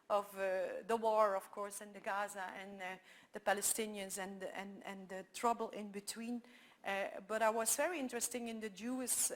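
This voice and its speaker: A woman with a Flemish accent speaks English as her second language, her first being Dutch. Her voice sits slightly high, and she gives a conference talk as a string of animated anecdotes. She restarts her sentences often as she goes. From Belgium. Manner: animated storytelling with frequent restarts.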